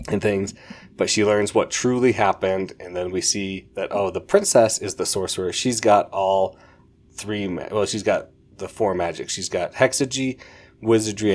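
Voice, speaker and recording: A man with a deep voice chats through a book review on his podcast. He is eager and rambling, often stopping to correct himself mid-sentence. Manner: enthusiastic, rambling, self-correcting. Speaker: podcast host.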